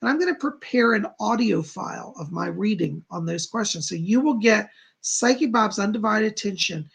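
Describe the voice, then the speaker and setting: A man's voice: sits high, expressive, moderate pace, creaky, fairly bright tone, breathy edge. A middle-aged man hosting a psychic live stream from home, chatting casually and reading out viewer comments. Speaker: psychic livestream host.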